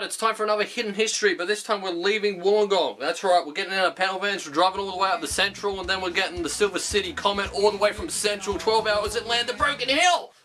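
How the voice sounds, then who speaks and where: High, bright-voiced Australian man. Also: a little hiss or hum. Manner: profane, jokey and sarcastic. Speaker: movie reviewer. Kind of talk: comedic film review monologue.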